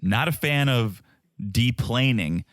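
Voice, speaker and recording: A man's voice: medium pitch, animated, takes it slowly, a bit bright, no echo. A man from Tennessee co-hosting a podcast, chatting casually with dry, teasing humor. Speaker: podcast co-host.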